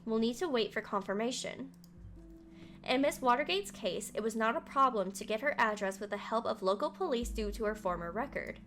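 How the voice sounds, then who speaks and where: Her pitch fairly high, a woman streams a game live, reading its text aloud and talking back to the story in a lively, chatty way.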